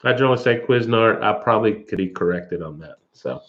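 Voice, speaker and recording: A man hosting a casual livestream in a relaxed way, reading viewer comments aloud and answering them. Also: fairly low pitch, fast. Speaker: livestream host. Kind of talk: casual live chat. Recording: dull lo-fi livestream audio.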